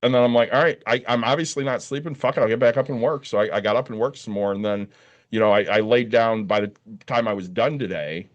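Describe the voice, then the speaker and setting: A man's voice: medium pitch, fast talker, highs cut off. A man co-hosting a podcast, telling a long story in a casual, profane way and acting out the other people's lines. He sounds worn out after a short night's sleep. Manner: profane, animated storytelling with quoted dialogue. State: tired from little sleep. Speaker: podcast co-host. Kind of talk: casual chat.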